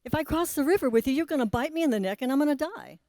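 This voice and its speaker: Woman voicing a turtle, male, storybook fable, high, quick, alarmed, mellow. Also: expressive, no echo, clean studio sound. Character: wary, frightened turtle, male.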